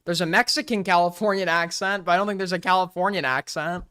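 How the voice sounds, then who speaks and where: Bright, high-voiced ranting streamer man. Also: quick pace, smooth, dry recording, studio quality. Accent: New York. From Long Island, New York. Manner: ranting, profane, sarcastic. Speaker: streamer reacting to drama. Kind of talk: casual livestream commentary.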